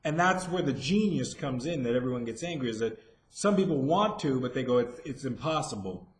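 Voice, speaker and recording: A man's voice: mid-range voice, lively intonation, a little fast. A man giving a rambling, profane commentary rant, full of fillers and restarts. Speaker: vlogger. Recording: roomy echo.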